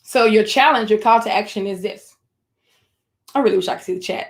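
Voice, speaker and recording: A woman presenting an online webinar for educators, encouraging and speaking directly to her audience, slowing down to stress key phrases over a computer microphone. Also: medium pitch.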